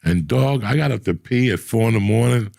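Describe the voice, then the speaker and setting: A man's voice: mid-range voice, brisk, gravelly, no room sound. An older man telling long, profane, rambling stories as a podcast host in casual chat. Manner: profane, rambling, animated storyteller.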